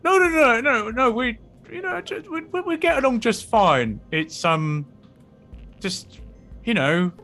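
Brief: stammering, awkward machine-minded being, as a man plays him in a tabletop game, bright-toned, pitch jumping all over. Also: animated, soft background music. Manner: halting, stammering, fumbling for words. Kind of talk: tabletop role-play in character.

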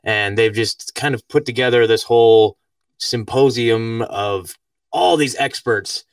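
In a relaxed podcast conversation, a male host meanders with lots of fillers and easy laughter. He speaks unhurriedly at medium pitch, and the dry recording sounds distant from the mic.

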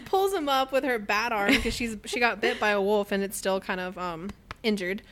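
A woman's voice: on the high side, a little hiss or hum. A young woman co-hosting a casual book podcast, retelling scenes with lots of laughter and acted-out quotes. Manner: animated storytelling, quick to laugh, acts out quotes. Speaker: podcast co-host.

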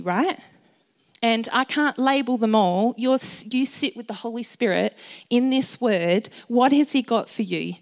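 A woman giving an informal, encouraging sermon to a gathered group, chatty and full of ums and light laughs. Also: fairly high pitch. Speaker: speaker sharing a Bible message.

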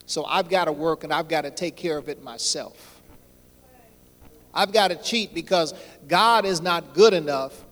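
A man preaching a sermon, repeating phrases and swelling louder on his key points, with a folksy way of addressing the congregation. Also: on the high side, unhurried. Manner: folksy, addresses crowd as y'all. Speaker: pastor. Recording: long hall reverb.

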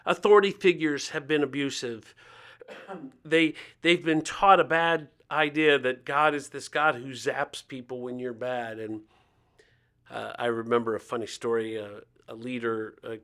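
A man's voice: mid-range voice, fairly even intonation, normal speed, a bit bright. A man in his fifties from Ohio, a guest telling stories in a conversational interview and acting out the voices of the people he quotes. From Ohio, United States. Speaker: guest speaker on faith and poverty.

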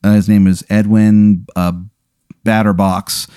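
A man's voice: lowish voice, flat delivery, a little slow, mellow, clean tone, dry recording, studio quality. A man running a tabletop game as game master, narrating scenes animatedly with crude humor.

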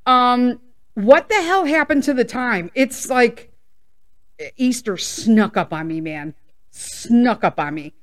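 A woman, hosting a casual personal podcast chat, rambling and laughing and sometimes getting loud. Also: a little high, animated, slow pace. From Midwest US. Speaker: podcast host.

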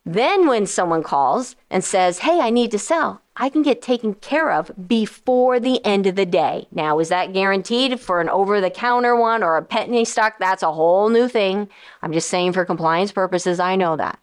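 A woman financial advisor and radio host explaining investments in a casual, animated way, often acting out quoted voices of investors and funds. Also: mid-range voice. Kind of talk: casual explanatory talk to listeners.

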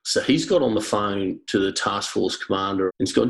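A man's voice: on the low side, moderate pace, gravelly, few pauses, a bit bright, poor audio. An Australian man, a former soldier, telling war stories in a laid-back, casual way with many fillers and some swearing. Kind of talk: casual storytelling.

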